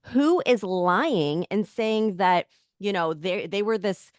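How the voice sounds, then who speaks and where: Angry female co-host, lively swooping pitch, rhetorical and fierce. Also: no echo, studio quality. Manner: indignant, rising anger, rhetorical questions. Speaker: podcast co-host. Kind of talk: heated political commentary.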